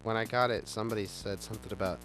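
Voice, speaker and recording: A man's voice: fairly low pitch, steady tone, rapid-fire, a bit bright, faint music behind. A man hosting a casual chat, rambling enthusiastically with many stumbling restarts. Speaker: show host.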